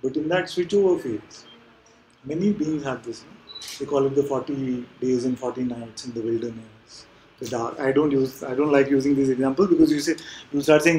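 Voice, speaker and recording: A man teaching at a live spiritual gathering, answering questions gently and patiently, often checking in with little tag questions. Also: mid-range voice, steady tone, brisk, a little hiss or hum, low-quality recording.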